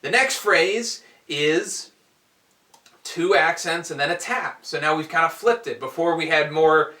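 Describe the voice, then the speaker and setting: A man teaching a drum lesson, explaining strokes in a relaxed way and counting aloud as he demonstrates. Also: on the high side, a little slow. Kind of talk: instructional explanation. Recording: echoey room, heard from a distance.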